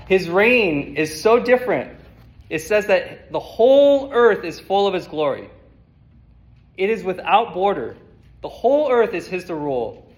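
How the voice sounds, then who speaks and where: A male preacher giving an expository sermon, speaking in a measured, emphatic way and sometimes repeating words as he thinks. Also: fairly high pitch, poor audio.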